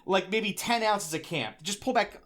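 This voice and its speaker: A high-pitched man from the States talks in a loose, rambling way on a podcast. He piles up asides as he tells his stories, all in casual chat. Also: normal speed. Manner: rambling, animated storytelling. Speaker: podcast guest.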